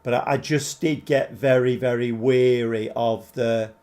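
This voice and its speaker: Older man, 70s, unhurried rambling livestream commentary with viewer chat. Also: mid-range voice, steady tone, darkish tone. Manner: rambling, chatty, thinks aloud, answers viewers. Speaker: gaming livestreamer. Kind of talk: live game commentary and chat.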